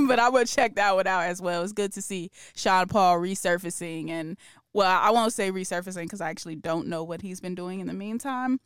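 A woman co-hosts a hip-hop news podcast, chatting casually in a laid-back way, laughing easily and drawing out her fillers. Her voice is on the low side, clear and resonant. The recording is studio quality with no echo.

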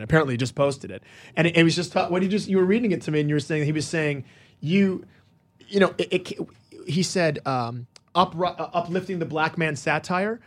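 A man's voice: fairly high pitch, fairly quick. A middle-aged man, a comedian guest, talking in casual podcast chat, riffing animatedly and stacking repeated words.

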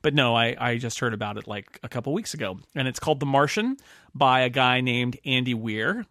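Halting, rambling male podcast host. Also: medium pitch, expressive, fairly bright tone, no echo, clean studio sound. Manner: rambling, halting, laughs often. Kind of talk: casual book club chat.

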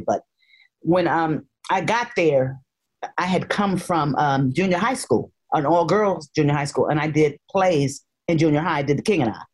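A woman from North Carolina, a guest telling lively stories in a casual interview and quoting people in voices. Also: deep voice. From North Carolina, USA. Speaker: guest actress.

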